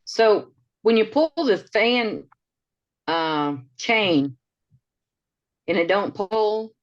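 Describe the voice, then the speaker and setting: A woman's voice: mid-range voice, lively intonation, extremely slow, highs cut off. A woman asking a hesitant question in a casual chat. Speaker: meeting participant.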